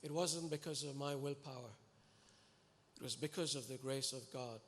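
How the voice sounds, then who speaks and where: A man preaching a sermon to a congregation, earnest and animated, pleading and exhorting his listeners. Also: mid-range voice, normal speed. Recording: echoey hall with long reverb.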